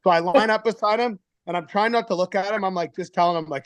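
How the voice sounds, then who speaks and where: A man's voice: high voice, fast, no echo. A man, a former hockey player, telling profane fight stories in a casual podcast chat. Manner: profane, storytelling, laughs often.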